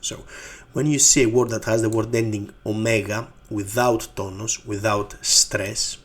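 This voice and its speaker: Slow, low-voiced Greek-accented male teacher. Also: steady tone. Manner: patient, repeats each form slowly. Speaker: language teacher. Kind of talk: slow explanatory lesson.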